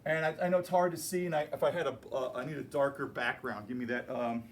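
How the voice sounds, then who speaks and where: A man's voice: medium pitch, fairly even intonation, quick pace, slight background noise. A man teaching a chemistry class, explaining and joking with his students as he goes. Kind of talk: classroom lecture.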